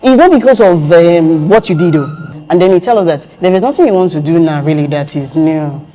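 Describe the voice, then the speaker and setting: Animated woman, mellow voice. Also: fairly low pitch, a little fast, slight background noise. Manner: animated storytelling, acts out quoted voices. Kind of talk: casual conversation.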